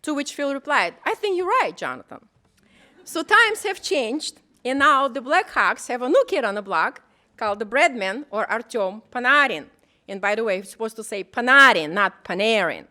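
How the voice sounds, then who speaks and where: Bright-voiced woman introducing a speaker. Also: on the high side, sing-song, moderate pace. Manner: warm, playful, builds up the speaker. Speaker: school staff introducing the keynote speaker. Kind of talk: introduction speech. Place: auditorium.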